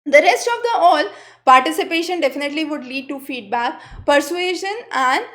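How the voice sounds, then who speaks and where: Woman, high voice, online lecture, teacher, explains step by step, repeats for emphasis. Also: animated, normal speed, a bit bright. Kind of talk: recorded exam-prep lecture.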